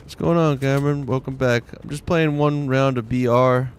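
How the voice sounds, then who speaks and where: A man's voice: mid-range voice, steady tone, moderate pace, clear, resonant tone. A man with a Long Island accent giving casual commentary as he plays a game, chatty and muttering to himself while he loots. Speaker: game streamer.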